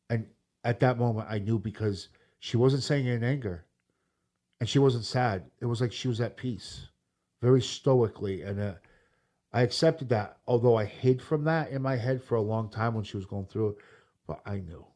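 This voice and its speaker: A man in candid podcast conversation, earnest and reflective, going quiet when the subject turns heavy. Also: lowish voice, a little fast.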